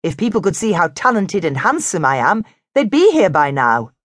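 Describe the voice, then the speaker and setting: A woman voicing a boastful, show-off young male penguin in a children's storybook, high and excitable. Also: moderate pace, dry recording, clean studio sound. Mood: indignant.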